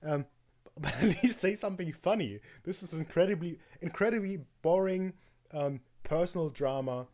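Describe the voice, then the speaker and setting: A man's voice: a little high, normal speed, a little mellow. A man streaming live, reacting to a video with rambling, mocking commentary, full of fillers and laughs.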